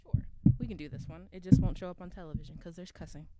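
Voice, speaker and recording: A woman's voice: lowish voice, steady tone, fast talker, very noisy. A young adult woman performing spoken word poetry at an open mic, with rhythmic, emphatic delivery and call and response with the crowd.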